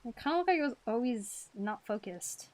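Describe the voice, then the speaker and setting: A woman's voice: a little high, lively intonation, brisk, a little mellow, slight background noise. A young woman chatting casually while she draws on a live stream, giggling often and reacting to her chat. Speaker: art streamer.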